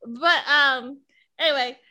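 A woman's voice: high-pitched, takes it slowly, pushed and bright. A woman interviewing an actor in a chatty way, laughing easily and using many fillers. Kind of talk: casual interview chat.

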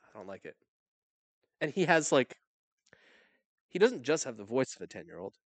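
Excitable, playful man on a podcast. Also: mid-range voice, moderate pace, dry recording. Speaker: podcast co-host. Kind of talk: casual chat.

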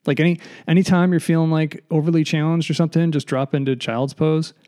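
A man's voice: on the high side, fairly even intonation, quick pace, mellow, smooth. A man hosting a solo comedy podcast, rambling and self-deprecating, slightly out of breath. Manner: self-deprecating, digressive, mock voices. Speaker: podcast host. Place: basement room.

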